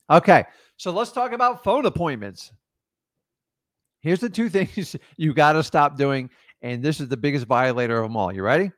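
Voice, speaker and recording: A man's voice: medium pitch, no echo, clean studio sound. Emphatic man coaching with "okay?" check-ins. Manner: acts out sellers' and his own lines in quotes. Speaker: real estate wholesaling coach. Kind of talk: casual live coaching talk.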